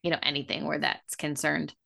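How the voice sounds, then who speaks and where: A woman's voice: low voice, flat delivery, a little fast, creaky, sharp tone. A woman talking casually and sympathetically as an interviewer, sharing about her own son. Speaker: interviewer, parent of a nonverbal son. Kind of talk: casual conversation.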